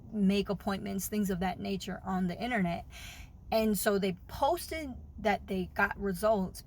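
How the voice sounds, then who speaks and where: A woman's voice: medium pitch, a little mellow, slight background noise. A woman talking openly and earnestly in a personal vlog, retelling a doctor's visit with feeling. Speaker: vlogger sharing a fertility journey.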